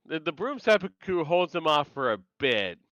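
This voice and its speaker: A man with a smooth, clear and bright voice, a little high, riffs on a TV episode with his co-host. He drops wry jokes and laughs along. He is miked close and dry. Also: very animated, normal speed, no echo, lo-fi sound. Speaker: podcast co-host. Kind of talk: casual episode recap chat.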